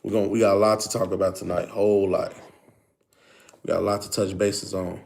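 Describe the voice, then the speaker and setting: A man's voice: deep voice, level tone, brisk, vocal fry, darkish tone, slight background noise. A man hosting a casual livestream, greeting viewers over and over and explaining things in a loose, filler-heavy way. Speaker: livestream host.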